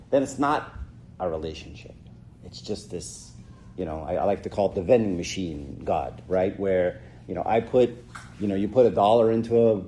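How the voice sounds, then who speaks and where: Speaking informally to a youth audience at church, this middle-aged man has a fairly low, dark voice. He keeps it conversational, tosses in "right?" frequently, and acts out brief quotes; there's slight background noise.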